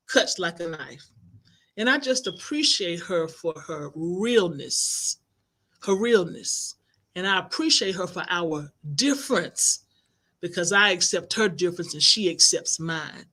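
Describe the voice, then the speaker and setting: A middle-aged woman, a life coach and minister, telling inspirational stories in an animated, expressive way. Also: lowish voice. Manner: animated, expressive, acts out quoted voices. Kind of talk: inspirational storytelling broadcast.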